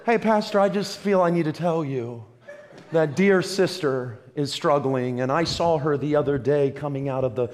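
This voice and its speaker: A man voicing a gossiping church member who confides in the pastor in a hushed, sly tone. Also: on the high side, moderate pace, voice pushed down, close to an everyday voice. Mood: confiding.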